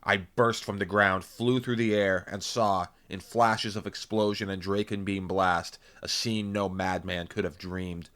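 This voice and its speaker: Deep-voiced man reading an action audiobook. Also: fairly even intonation, a little slow, few pauses, clean tone. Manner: intense, punchy, with loud sound effects. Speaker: audiobook reader. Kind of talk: dramatic first-person audiobook narration.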